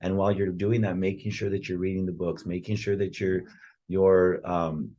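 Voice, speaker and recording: A man with a low, husky voice talking in a casual, motivational way on a podcast. He rambles earnestly, leans on "like" and "right?", and keeps a conversational, heartfelt tone. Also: level tone, moderate pace, dark tone. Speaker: podcast speaker on real estate and personal growth.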